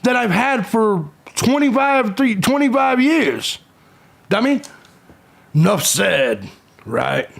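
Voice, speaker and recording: Man, 40s, livestream host, gravelly, fairly high voice, combative, swears a lot, reads chat and argues back. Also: big pitch swings, takes it slowly. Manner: combative, profane, taunting trolls in chat. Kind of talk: live stream chat, reading and answering comments.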